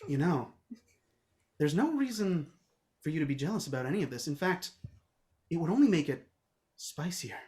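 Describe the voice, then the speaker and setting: A woman's voice: expressive, moderate pace, long pauses, dark tone. Woman doing Harriet, a sultry hare. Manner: low, sultry purr. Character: seductive female hare, scheming temptress.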